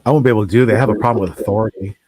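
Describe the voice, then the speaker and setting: A man's voice: lowish voice, rapid-fire, a little hiss or hum. A man telling rambling, profane stories in casual chat on a livestream. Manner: profane, animated storyteller.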